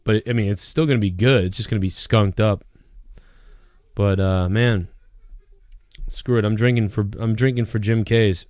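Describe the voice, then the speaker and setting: A man's voice: lowish voice, fairly even intonation, moderate pace, long pauses, a little mellow, dry recording, studio quality. A man hosting a live call-in stream in casual, rambling chat, laughing often and repeating himself. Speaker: host of a live call-in show.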